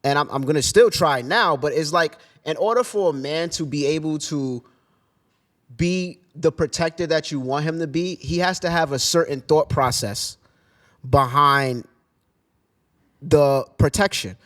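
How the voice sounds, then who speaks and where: A man co-hosting a casual discussion, talking in a halting way with frequent restarts and hedges. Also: on the high side, fairly bright tone. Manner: halting, restarts often, hedging.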